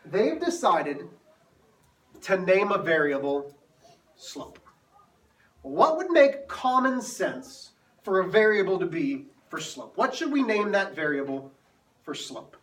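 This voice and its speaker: A man's voice: sits high, sing-song, slow, pauses often, a bit bright, far from the mic. A male math teacher telling a self-mocking story to his class before moving into the lesson.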